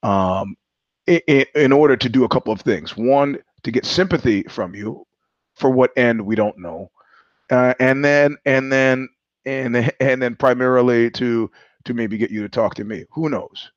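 In a rambling storytelling monologue, a man hosting a podcast drifts off on tangents, swears, and laughs partway through sentences. He has a mid-range voice and a measured pace, and the recording has no echo, with the highs cut off.

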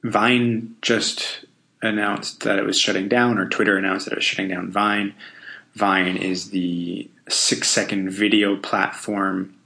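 Low gravelly guy talking to himself on his podcast, lots of ums and restarts. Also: little pitch movement, unhurried, pushed and bright. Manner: thinking aloud, loose and self-deprecating. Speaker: podcast host. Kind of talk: casual solo podcast talk.

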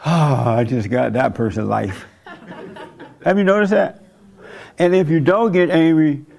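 Guy preaching casually to a small group, kinda high gravelly voice, asks questions and chuckles as he goes. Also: a little mellow. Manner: conversational, rhetorical questions, chuckles at his own points. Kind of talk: informal sermon to a small group.

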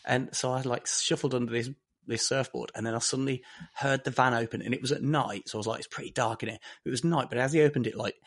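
A man in casual podcast chat, telling a story at full tilt and doing little voices for the people in it. His pitch sits in the ordinary middle range for a man. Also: quick pace. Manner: animated storyteller who acts out other people's lines.

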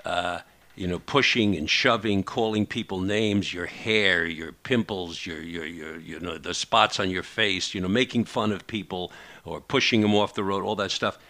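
A man hosting a radio interview, asking questions haltingly with many fillers and repeated words. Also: sits low, pushed and bright. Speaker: radio host, therapist.

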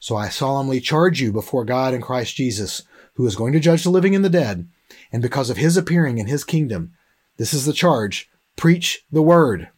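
Man, Bible teacher, slightly husky voice, storytelling sermon delivery, reads scripture aloud. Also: medium pitch, lively intonation, a little fast, a little mellow. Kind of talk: sermon-style Bible lesson.

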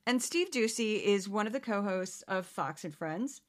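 A woman's voice: medium pitch, expressive, normal speed. A woman hosting a podcast, talking in a casual, sarcastic commentary style and putting on exaggerated voices to mimic others. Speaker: podcast host.

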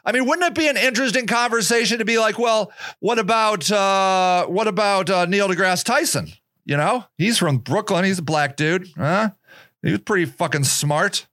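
A man's voice: high-pitched, normal speed, bright, forceful tone, no room sound, studio quality. A man hosting a podcast, delivering a profane, sarcastic monologue rant with mocking put-on voices. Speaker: podcast host. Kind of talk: opinionated monologue.

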